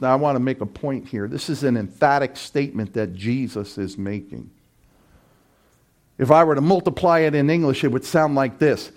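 A man preaching a sermon as pastor, impassioned and emphatic, building to loud repeated cries. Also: medium pitch, lively intonation, moderate pace, vocal fry.

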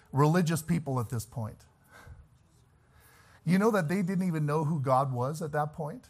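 A male preacher delivering a sermon, moving from slow, quiet reflection to loud, fervent exhortation that rises to shouts. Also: on the high side, breathy edge.

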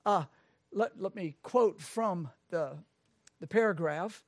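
A man preaching a sermon, swinging from low conversational asides to loud, proclaimed passages. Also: slow pace, no echo, clean studio sound. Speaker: pastor.

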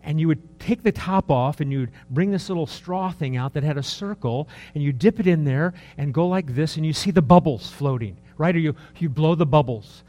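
A man in his early sixties preaching a sermon in a conversational, rambling way, full of rhetorical questions, dropping to soft asides and rising for emphasis. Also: a little high, moderate pace, hardly any pauses. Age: 60s. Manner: lively, swings between soft asides and raised emphasis. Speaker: pastor.

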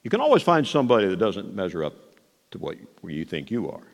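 A man preaching a sermon, moving between soft asides and raised, emphatic declarations. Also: low voice, wildly swooping pitch, quick pace, gravelly. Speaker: pastor. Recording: long hall reverb.

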